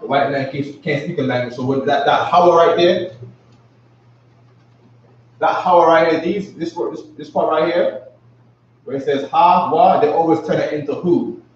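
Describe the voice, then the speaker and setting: A man's voice: a little high, moderate pace, long pauses, a little hiss or hum. A man teaching a class in a casual, slangy way, often asking if listeners follow him. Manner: slangy, keeps asking "you know what I'm saying". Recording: echoey room, distant mic, dull lo-fi.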